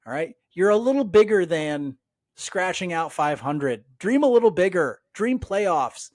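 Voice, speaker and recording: Excitable man ranting on a sports podcast. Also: sits high, normal speed. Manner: animated, exasperated, rambling with fillers. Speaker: podcast co-host. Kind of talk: casual sports chat.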